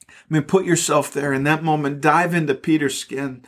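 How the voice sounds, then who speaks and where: Earnest preaching man, slightly high voice. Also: fairly even intonation, moderate pace, a bit bright. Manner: earnest storytelling with frequent stammered word repeats. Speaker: pastor. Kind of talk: sermon.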